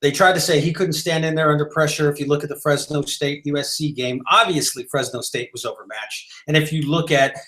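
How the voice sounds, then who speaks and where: A man's voice: fairly high pitch, fairly quick, hardly any pauses, a bit bright. A man holding forth on a live sports talk show. He argues his point hard, stumbling through restarts and fillers as he builds his case. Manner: emphatic, rambling with many restarts and fillers. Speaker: podcast co-host.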